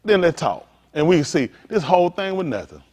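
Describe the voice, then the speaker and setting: A man preaching informally to a congregation, animated and conversational, acting out little dialogues as he goes. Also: on the high side, brisk. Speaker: pastor.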